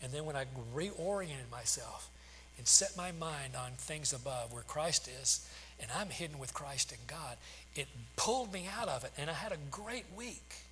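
A man's voice: on the high side, lively intonation, normal speed, sharp tone. A man in his sixties preaching a sermon, telling stories with frequent restarts and fillers. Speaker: pastor. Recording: long hall reverb, faint hum.

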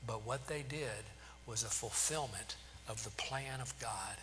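A man delivers a sermon, pressing his listeners with rhetorical questions. His voice is bright and clear, and it rings out with a long echo through a large hall. A faint hum runs underneath. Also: medium pitch, a little slow. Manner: asks rhetorical questions, emphatic preaching. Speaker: pastor.

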